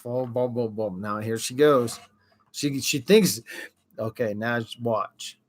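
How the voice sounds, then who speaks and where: A man's voice: mid-range voice, slow, long pauses. A middle-aged man casually chatting on a livestream, reacting to viewers' comments as he talks. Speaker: livestream host.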